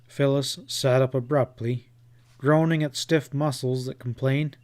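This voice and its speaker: A man narrating a western novel as an audiobook in a measured, unhurried storytelling manner. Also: medium pitch, steady tone, darkish tone.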